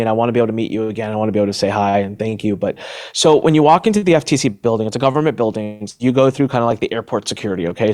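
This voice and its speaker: A middle-aged man telling a personal story on a podcast. He talks with energy and slips into the voices of the people he describes. His pitch sits in the middle for a man. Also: darkish tone. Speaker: interview guest, entrepreneur.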